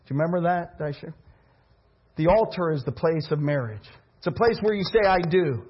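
A man preaching a sermon as pastor, alternating impassioned preaching with quiet personal storytelling. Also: a little high, animated, a little fast, breathy edge, lo-fi sound.

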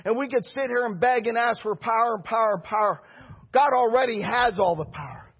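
A middle-aged pastor with a high-pitched, husky voice preaches a brisk sermon, driving his points home with call-and-response and rising shouts. The recording sounds dull and lo-fi.

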